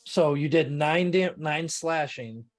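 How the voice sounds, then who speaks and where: A man running a tabletop role-playing game as game master, calmly ruling on attacks and narrating what happens. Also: a little high, slow pace, crowd noise.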